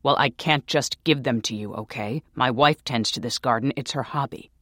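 A man's voice: mid-range voice, moderate pace, pushed and bright, no echo, studio quality. A man voicing a furtive, lecherous older man who hisses in a half-whisper, in a whispered role-play. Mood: angry.

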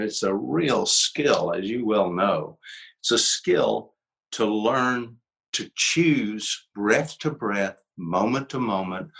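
A man's voice: on the low side, fairly bright tone, rough recording. An older man, a psychologist guest, explaining ideas in a reflective, emphatic teaching tone during an interview. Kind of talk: conversational interview.

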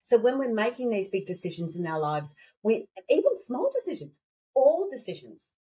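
Woman, interview guest, lively pitch, breathy edge, dry throat, quotes her own thoughts. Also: normal speed. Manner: animated, acts out quoted thoughts, restarts often. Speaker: intuition coach and guest. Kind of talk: conversational interview advice.

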